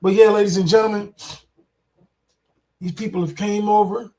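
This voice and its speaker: Man, reaction commentary, indignant, repetitive, direct to viewers, high voice. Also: little pitch movement, moderate pace, warm tone.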